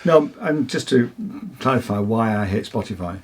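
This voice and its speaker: A man's voice: on the low side, expressive, moderate pace, a little hiss or hum. A man, co-hosting a music podcast, chatting casually and giving opinionated takes. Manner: opinionated, chatty, frequent restarts. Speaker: podcast co-host. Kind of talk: casual chat.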